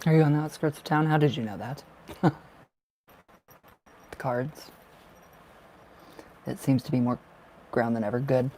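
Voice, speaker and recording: A man's voice: medium pitch, measured pace, pauses often, dark tone, a little hiss or hum. A man giving tarot card readings on a casual livestream, affectionate and gushing, laughing often as he chats to viewers. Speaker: tarot reader.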